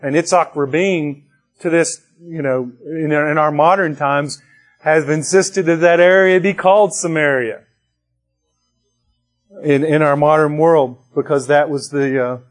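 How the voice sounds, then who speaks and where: Male pastor, slightly higher voice, slow deliberate sermon delivery, conversational with emphatic lifts. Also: steady tone, soft background music. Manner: slow, conversational preaching with restarts and rising emphasis.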